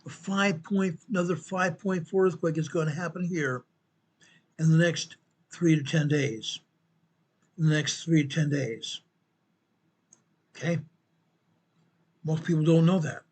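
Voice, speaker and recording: A man hosting a show, walking viewers through an earthquake map in a slow, emphatic way and repeating his points. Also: fairly high pitch, a little mellow, slightly rough. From United States. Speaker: show host presenting earthquake updates. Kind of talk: informal map walkthrough commentary.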